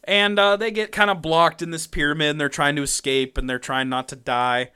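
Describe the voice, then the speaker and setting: A man co-hosting a podcast, recapping a comic in casual chat, animated, laughing often and swearing freely. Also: fairly high pitch, fairly quick, hardly any pauses, clear, resonant tone. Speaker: podcast co-host.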